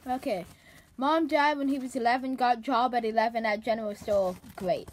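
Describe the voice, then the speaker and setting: A woman's voice: a little high, steady tone, moderate pace, slight background noise. A woman reading out written feedback in a dry, sarcastic comedy vlog, sounding out misspelled words. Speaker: comedy vlogger.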